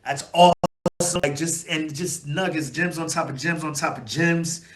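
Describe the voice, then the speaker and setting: A man hosting his own fan channel, talking in rambling, heartfelt commentary with lots of fillers and sudden excited outbursts. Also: a little high, moderate pace. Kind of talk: emotional solo fan commentary.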